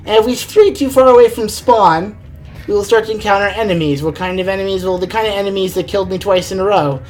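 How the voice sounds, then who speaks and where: A woman's voice: mid-range voice, fast talker, a little mellow, soft background music. A woman streaming a game live, rambling and thinking aloud, often exasperated at what happens on screen. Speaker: gaming streamer. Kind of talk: live let's-play commentary.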